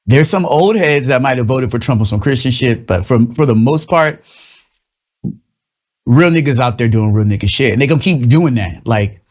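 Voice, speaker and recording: A young man hosting his own show, delivering a loose, profane, rambling comedic monologue and slipping into quick mocking voices. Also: medium pitch, expressive, a little mellow. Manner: loose, profane, rambling storytelling with shifting vocal impressions. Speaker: host of a comedic commentary show.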